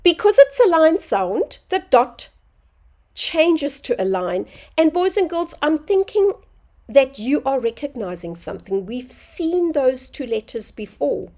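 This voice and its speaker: A woman teaching a phonics lesson to young children, sounding out words slowly and clearly. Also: high voice, very animated, darkish tone.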